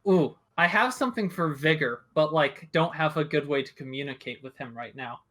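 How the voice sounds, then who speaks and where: Bright-voiced man playing a game. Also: on the high side, normal speed. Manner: chatty, hesitant with fillers. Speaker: player. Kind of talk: casual tabletop play.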